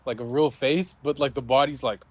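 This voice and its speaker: A young man hosts a casual podcast conversation, his voice sitting at an ordinary middle pitch. He tells stories with animation, acting out the people in them, and his talk stays loose and conversational throughout. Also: a little fast, no echo. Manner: animated storyteller who acts out scenes with loud shouts. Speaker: podcast host. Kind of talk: casual chat.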